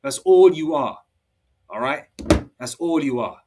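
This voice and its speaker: Forceful man preaching, off-mic. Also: fairly high pitch, lively intonation, a little slow, background noise. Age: 50s. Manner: forceful, repetitive, ends phrases with "all right?". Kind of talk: heated sermon-style monologue. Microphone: laptop mic. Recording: distant laptop mic.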